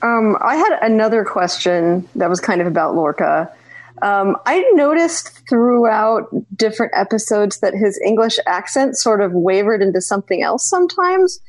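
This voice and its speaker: A woman's voice: medium pitch, expressive, moderate pace, no room sound, poor audio. A woman calling in to a live show, talking casually and searching for her words. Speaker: caller. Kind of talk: casual call-in chat.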